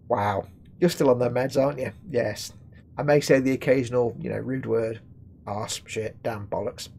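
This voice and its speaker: A man's voice: mid-range voice, moderate pace, creaky. A British man streaming a game, chatting casually and reading in-game letters aloud with wry, swearing asides. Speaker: gaming streamer. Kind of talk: casual let's-play commentary, reading in-game texts.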